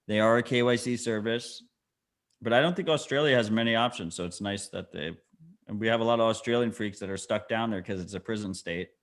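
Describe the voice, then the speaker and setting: A man's voice: fairly low pitch, a little fast. A man co-hosting a podcast, explaining things bluntly and swearing in casual chat. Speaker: podcast co-host.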